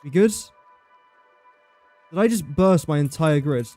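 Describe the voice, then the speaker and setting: A man's voice: fairly high pitch, animated, a little slow, mellow, no echo, faint music behind. A young man livestreaming a building game, chatting casually and joking at his own expense while he talks to the pieces he places. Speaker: livestreaming gamer.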